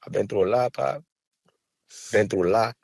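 A man's voice: on the low side, moderate pace, gravelly, darkish tone, dry recording. A man, speaking raw and profane in an emotional podcast interview. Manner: raw, angry, profane, rising to heated outbursts. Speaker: rapper and podcast guest. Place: podcast studio.

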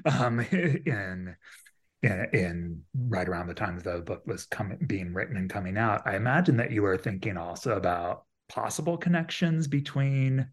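A man interviewing an author, asking questions in a thoughtful, measured way. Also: lowish voice, animated, breathy edge. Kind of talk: conversational interview.

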